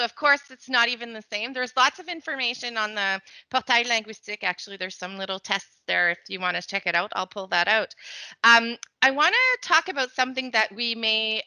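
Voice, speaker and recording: A woman from New Brunswick moderating a panel discussion, chatty and animated, switching between English and French. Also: a little high, no echo. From New Brunswick, Canada. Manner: chatty, animated, laughs often.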